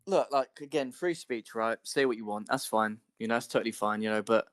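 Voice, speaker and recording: A man's voice: mid-range voice, fairly quick, hardly any pauses, no room sound, studio quality. A man ranting in a casual chat, swearing freely.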